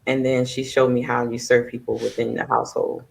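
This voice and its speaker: A woman from the Southern United States, a podcast guest talking in a soft, reflective way with many fillers. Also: very deep voice, level tone, a little fast, gravelly, low-quality recording. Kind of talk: casual conversation on a podcast.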